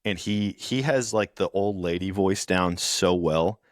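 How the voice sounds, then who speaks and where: A man co-hosting a podcast in casual chat, animated and quick to laugh. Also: deep voice, no room sound, studio quality. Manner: animated, laughs often, acts out quotes. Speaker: podcast co-host.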